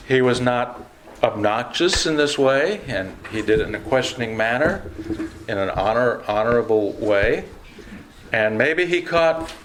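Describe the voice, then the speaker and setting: A man's voice: medium pitch, fairly bright tone, slight background noise. Conversational man leading a Bible class. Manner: conversational, asks the class questions. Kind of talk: leading an adult Bible study.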